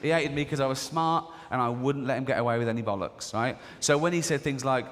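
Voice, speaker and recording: A man's voice: medium pitch, quick pace, few pauses, a bit bright, slight background noise. A man in his forties with an English accent doing a live stand-up routine, mocking and acting out characters in silly voices, giggling at his own jokes. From England. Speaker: stand-up comedian. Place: large theatre stage. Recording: live theatre recording with long reverb and audience. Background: audience laughter.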